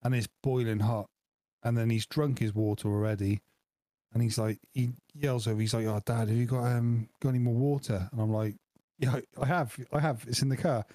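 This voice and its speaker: A man's voice: mid-range voice, steady tone, fairly quick, warm tone, dry recording. A man, co-hosting a podcast and telling stories with a laugh. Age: 40s. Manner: laughing, storytelling. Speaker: podcast co-host. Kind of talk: casual chat.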